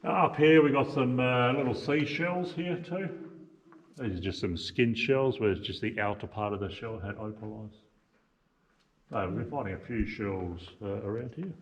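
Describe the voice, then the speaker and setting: A man with an Australian accent guiding a tour through an underground mine tunnel, explaining things in a relaxed, joking way. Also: medium pitch, moderate pace, slight background noise, poor audio. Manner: easygoing, explanatory, jokey. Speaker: tour guide. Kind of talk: guided tour talk.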